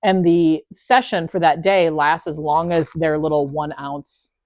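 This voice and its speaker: A woman's voice: low-pitched, steady tone, unhurried, a little mellow, no room sound. A young adult woman hosting a crafting podcast, explaining things enthusiastically in casual, rambling chat. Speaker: podcast host.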